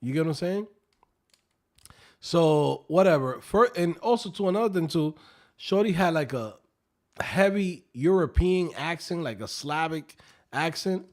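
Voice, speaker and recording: Animated, swearing live stream host, man. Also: a little high, measured pace. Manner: animated storyteller, profane and joking. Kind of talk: casual live stream chat.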